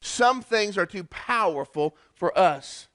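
A man's voice: high-pitched, expressive, bright, forceful tone, dry recording. Earnest preaching man, dry close sound. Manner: earnest preaching with pauses and restarts. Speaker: pastor. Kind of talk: sermon.

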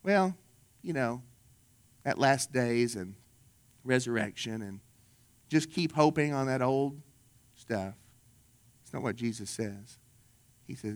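A middle-aged man preaching a sermon in a conversational, storytelling way, dropping low and soft when he quotes others. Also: lively intonation, a little slow, pauses often. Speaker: pastor.

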